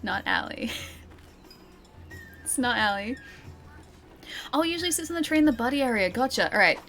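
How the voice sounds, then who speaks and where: Young female streamer, higher voice, playful and laughing, talking to chat over a desk mic. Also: expressive, moderate pace, fairly bright tone, soft background music. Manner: giggly, teasing, chatty with her chat. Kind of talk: live-streamed gameplay chat.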